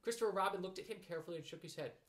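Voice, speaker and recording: A man reading a children's storybook aloud as narrator, in gentle, expressive storytelling. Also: fairly high pitch, very fast.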